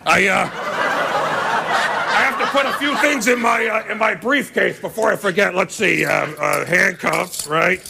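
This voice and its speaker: A man doing a gravelly, hot-tempered old politician. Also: high-pitched, measured pace, full character voice. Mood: grumpy. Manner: cranky, threatening, deadpan self-mocking. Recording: noisy studio with loud audience laughter.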